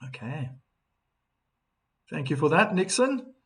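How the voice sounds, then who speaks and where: A man's voice: on the high side, big pitch swings, slow, fairly bright tone. A man doing live tennis commentary on a stream, chatting and reading out viewer comments between points.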